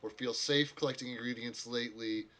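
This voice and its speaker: Man voicing a tired potion-seller woman, grateful and a little wistful, bright-toned, in a tabletop game. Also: medium pitch, fairly even intonation, brisk, close to an everyday voice.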